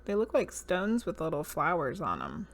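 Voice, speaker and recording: A woman's voice: on the low side, huge pitch swings, normal speed. A woman with a Southern US accent chatting casually on a livestream, musing over cards and talking to viewers. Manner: musing, reads card names aloud, chats with viewers. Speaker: streamer.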